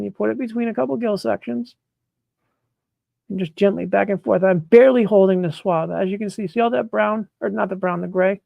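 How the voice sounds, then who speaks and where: A blunt, exasperated man hosts a casual live mushroom chat, his voice pitched high and heavily gravelly with fry. He swears freely as he demonstrates, recorded dry and close with no room sound. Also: darkish tone, no room sound. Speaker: host of a live mushroom-growing stream.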